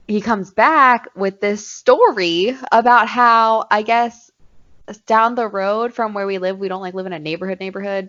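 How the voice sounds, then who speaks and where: A woman's voice: mid-range voice, fairly bright tone. A young woman co-hosting a podcast, telling a story in casual, profane chat and laughing often. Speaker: podcast co-host. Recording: dull lo-fi podcast audio.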